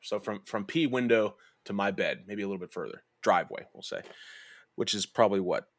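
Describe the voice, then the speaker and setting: Young man, podcast host, low voice, dry close sound, swears freely, rambles, laughs through his stories. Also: fairly quick, no room sound. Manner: rambling, profane, laughing, restarts often. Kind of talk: casual storytelling chat.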